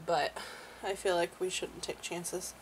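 A woman's voice: lowish voice, steady tone, unhurried, background noise. Giggly young woman chatting at home. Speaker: family vlogger. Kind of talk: casual chat.

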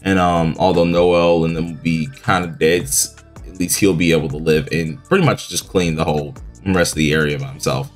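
A young man with a deep, low-pitched voice, still groggy with morning voice, talks casually through a mobile game match. His delivery is loose and rambling, full of fillers and slang. Soft music plays faintly underneath. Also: fairly even intonation, a little fast. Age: young adult. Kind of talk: casual gameplay commentary.

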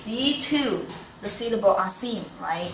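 A woman's voice: mid-range voice, animated, a little slow, far from the mic, background noise. A woman from China with a Chinese accent, patiently teaching a Mandarin lesson in English and modelling the tones. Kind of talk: online language lesson. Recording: echoey room, voice slightly off-mic.

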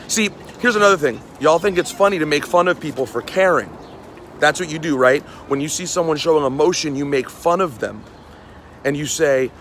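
This man in his forties, a New York City radio host from New City, rants angrily to camera while walking a city street, scolding people and hammering lines through repetition. His slightly high, fairly bright voice has lively intonation at normal speed, with a little hiss or hum.

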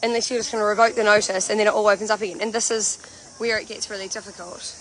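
A woman's voice: medium pitch, fast, poor audio. A woman from Canterbury with a New Zealand accent, livestreaming from an outdoor protest camp and talking through events in a chatty way, full of "you know" and "like". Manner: chatty, explains things at length, many "you know" and "like" fillers. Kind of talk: casual livestream commentary. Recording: phone audio with steady background noise.

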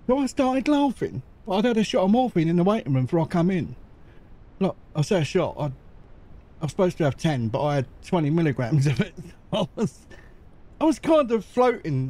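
A middle-aged man rambles through casual game commentary, giggly and chatty. His voice sits a little high for a man but has a mellow, soft tone. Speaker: gaming YouTuber.

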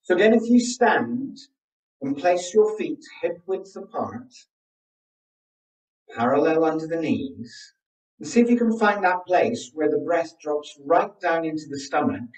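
A man's voice: a little high, very animated, a little slow. Guy coaching a workshop, keeps asking the audience stuff, sounds far off in an echoey room. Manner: coaching, asks the audience frequent questions. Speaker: presentation coach. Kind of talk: live online workshop teaching. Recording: roomy sound, distant from the mic.

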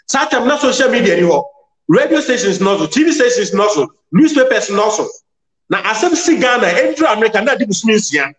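Man laying out an argument step by step, high voice, roomy echo. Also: sing-song, fast. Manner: explanatory, argues point by point. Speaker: discussion participant. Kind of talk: casual discussion in Twi mixed with English.

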